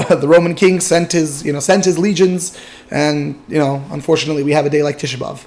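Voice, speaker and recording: A man retells an old story as a Torah lesson in a loose, conversational way. He fills pauses with filler words and often restarts his sentences. His voice sits slightly higher than most men's. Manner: casual, lots of fillers and restarts. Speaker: Torah teacher.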